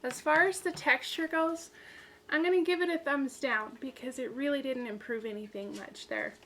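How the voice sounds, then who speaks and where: A woman's voice: high-pitched, moderate pace, a bit bright, slight background noise. A woman hosting a crafting video, demonstrating and explaining in a practical, plain-spoken way with some fillers. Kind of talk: casual demonstration tutorial.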